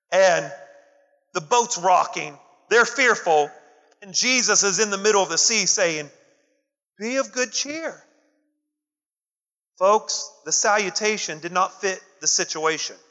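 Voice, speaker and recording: In dull lo-fi audio with long hall reverb, a preacher with a high, sharp voice delivers a sermon built on call-and-response, calling on the congregation to answer him.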